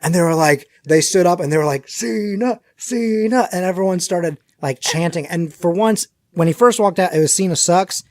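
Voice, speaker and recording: A man chatting on a podcast, telling rambling, animated stories full of acted-out quotes. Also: fairly high pitch, brisk, few pauses, no room sound. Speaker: podcast guest. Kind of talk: casual chat.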